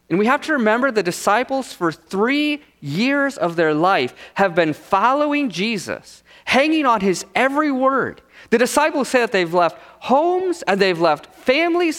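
A male pastor preaching a sermon with rhetorical questions and dramatic pauses. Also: sits high, a bit bright. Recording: long reverb of a large hall.

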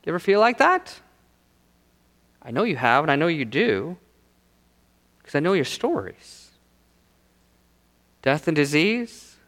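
A man preaching a Sunday sermon, his voice high and swinging widely in pitch as he builds through rhetorical questions. He talks slowly and deliberately, leaning into dramatic pauses. The sound rings with the long reverb of a large church hall. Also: fairly bright tone. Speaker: pastor.

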